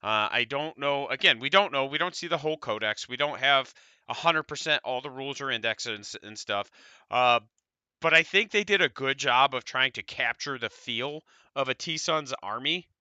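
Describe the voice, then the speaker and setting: A mid-range male voice at normal speed, bright and forceful with a clean tone, belongs to an American podcast co-host. He drifts through a relaxed tabletop wargame chat, swearing at times. There's no room sound, and the audio is dull.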